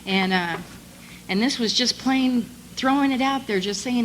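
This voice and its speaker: A woman's voice: fairly high pitch, measured pace, slight background noise, low-quality recording. A woman telling her own recovery story at a convention, in a conversational way, acting out both sides of old conversations. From United States. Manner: conversational storytelling, quotes others with animated voice shifts. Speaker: speaker sharing recovery story. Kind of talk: conference talk.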